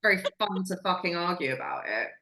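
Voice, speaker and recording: A woman's voice: on the low side, lively intonation, fairly quick, roomy sound, over a noisy crowd. A woman co-hosting a podcast in casual chat, blunt and swearing freely as she tells stories. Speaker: podcast co-host.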